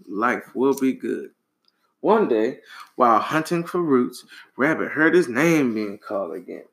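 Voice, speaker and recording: A man reading a folktale aloud to a child, animated and relaxed, with casual asides. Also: mid-range voice, a little slow. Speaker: storyteller.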